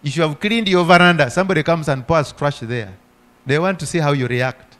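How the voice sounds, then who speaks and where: A man's voice: a little high, brisk, fairly bright tone. A middle-aged male pastor preaching a sermon. He asks the congregation rhetorical questions and punctuates his points with repeated hallelujahs.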